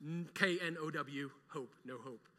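A young adult man preaching a sermon as pastor, emphatic and energetic, firing off rhetorical questions and repeating key phrases. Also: a little high, measured pace. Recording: long hall reverb.

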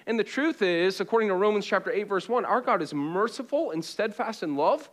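A man in the pulpit, his voice pitched high, preaching with call-and-response. He swings between ringing exhortation and quiet, hushed passages, and drops in joking asides to the room. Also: animated, brisk, hardly any pauses. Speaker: pastor. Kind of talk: sermon. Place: church auditorium with congregation.

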